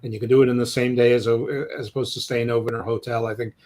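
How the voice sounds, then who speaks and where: A man co-hosting a sports podcast in an easygoing, joking way. He rambles through his points and often trips over repeated words as he restarts his sentences. His pitch sits in an ordinary middle range. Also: level tone, rapid-fire, darkish tone. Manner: rambling, jokey, stammers on restarts. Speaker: podcast co-host. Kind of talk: casual sports chat.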